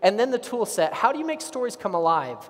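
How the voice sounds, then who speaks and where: A man of about forty giving an energetic storytelling keynote at a conference, often asking the audience questions. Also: high voice, quick pace, big-room sound. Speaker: keynote speaker. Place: conference hall stage.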